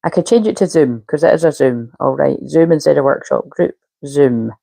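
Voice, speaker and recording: A woman's voice: deep voice, normal speed, creaky, dark tone, no echo, rough recording. A woman, a spiritual coach chatting casually on a live stream and muttering to herself while she fiddles with settings.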